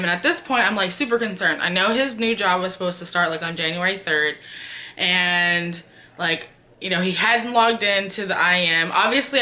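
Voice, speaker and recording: A woman's voice: mid-range voice, bright, forceful tone. A woman vlogger telling a personal story in a chatty, casual way, full of filler words.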